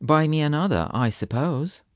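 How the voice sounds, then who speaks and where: A man's voice: fairly high pitch, animated, normal speed, no echo, clean studio sound, voice pushed up, close to an everyday voice. A man doing an earnest, puzzled little girl. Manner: earnest, doubting questions.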